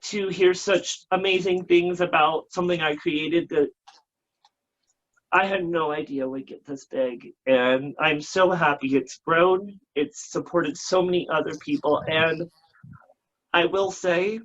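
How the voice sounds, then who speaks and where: A man's voice: on the high side, fairly even intonation, a little slow, a bit bright. Campy emotional drag queen, lo-fi. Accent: American. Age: 30s. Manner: campy, emotional, crude joking. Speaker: drag queen talk show host, guest. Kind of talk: casual interview chat. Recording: dull lo-fi sound.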